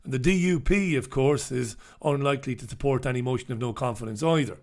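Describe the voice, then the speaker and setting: A man's voice: medium pitch, quick pace, darkish tone. A man hosting a live newspaper review, talking casually with a sardonic, mock-dramatic edge. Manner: sardonic, mock-dramatic when reading headlines. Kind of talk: casual live-stream commentary. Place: dark room.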